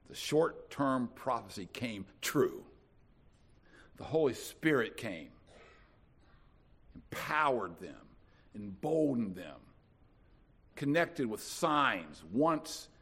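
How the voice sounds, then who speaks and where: Give me a man from North Carolina preaching a sermon, his voice leaping all over in pitch and getting loud on key points. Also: sing-song, slow pace, pauses often, slightly rough. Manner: dramatic preaching with big swings in loudness. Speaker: pastor.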